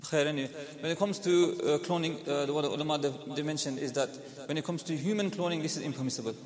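A man giving a religious ruling to an audience, repeating his points in a measured way. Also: fairly high pitch. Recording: distant mic in an echoey hall with a crowd.

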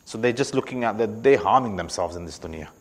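A man's voice: fairly low pitch, expressive, quick pace. A man teaching scripture in a weekly class, speaking with emphasis, repeating key words and often checking in with "right?". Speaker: religious teacher. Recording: long echoing reverb of a hall.

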